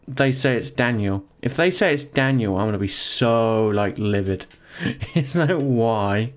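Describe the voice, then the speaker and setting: A man's voice: medium pitch, lively intonation, unhurried. Joking man streaming from his office. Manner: joking, rambling, laughs often, talks to chat. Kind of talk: casual live-stream chat while gaming. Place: home office.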